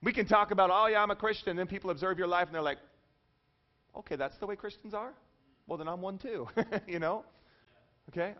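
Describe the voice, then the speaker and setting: High-voiced man preaching casually. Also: highs cut off. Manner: conversational, jokey, with frequent checks on the audience. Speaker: pastor. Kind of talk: sermon.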